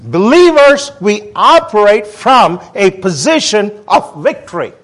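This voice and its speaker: A man delivers a sermon with a high voice that leaps up and down. He drives points home with emphatic repetition and calls the congregation to answer back. He sounds like a guest preacher speaking in a church. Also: sing-song, unhurried. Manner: emphatic call-and-response preaching.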